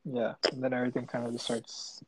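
A man's voice: mid-range voice, completely flat delivery, fast. A man co-hosting a movie podcast, chiming in with short, laid-back agreements. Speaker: podcast co-host. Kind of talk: casual movie-review chat. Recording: dull, dry, lo-fi mic.

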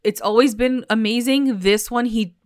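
A woman's voice: on the high side, steady tone, normal speed, no echo, clean studio sound. A woman chatting casually about a TV episode, filling her talk with "like" and acting out the characters' lines. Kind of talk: casual TV recap chat.

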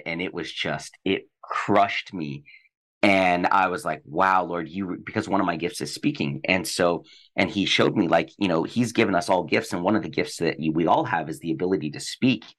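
A man's voice: low-pitched, a bit bright. A man on a faith podcast, telling a personal testimony in an earnest, reflective way. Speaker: podcast co-host.

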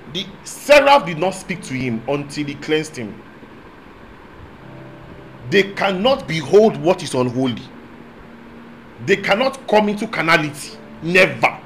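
A man preaching a sermon, moving between quiet asides and loud proclamation and asking the congregation call-and-response questions. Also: fairly high pitch, slight background noise, low-quality recording. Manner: speaks in tongues at times.

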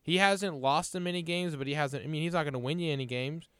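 A man's voice: fairly high pitch, quick pace, a bit bright, clear, resonant tone, no room sound, clean studio sound. A man hosting a casual sports chat, upbeat and chatty, a bit under the weather. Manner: leads the talk, upbeat and chatty.

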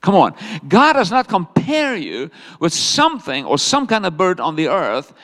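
A man delivers a sermon in a high voice that leaps up and down with energy. He jokes and fires rhetorical questions at the congregation. The church hall gives his words a long, echoing tail. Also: huge pitch swings, normal speed, fairly bright tone. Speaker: preacher.

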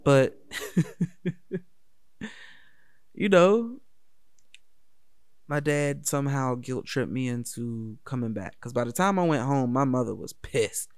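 A man's voice: medium pitch, expressive, a little slow, gravelly, pauses often, no echo, clean studio sound. A man telling a personal story in a casual, candid, profane way. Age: adult.

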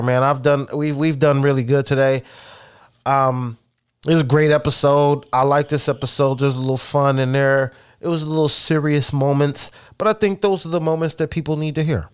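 A man's voice: on the high side, fairly even intonation, normal speed, smooth. A man co-hosting a podcast, talking in casual chat with profane, emphatic, joking banter. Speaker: podcast co-host.

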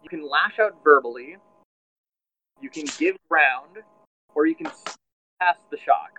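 A man's voice: fairly high pitch, lively intonation, a little slow, pushed and bright, slight background noise, rough recording. A man narrating as game master of a tabletop role-playing game, telling the story with many fillers and restarts.

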